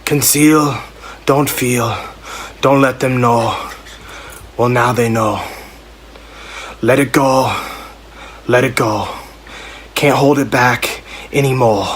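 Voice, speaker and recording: Give me a brooding young male swordsman, put on by a man, reading slow and grave. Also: medium pitch, fairly even intonation, slight background noise, natural voice. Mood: solemn.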